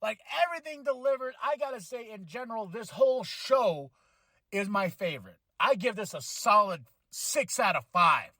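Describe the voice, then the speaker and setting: A man hosting a wrestling podcast, reviewing a show in an excitable, slangy way and breaking into shouts when thrilled. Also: high-pitched, moderate pace, no room sound. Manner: casual slangy delivery, laughs often.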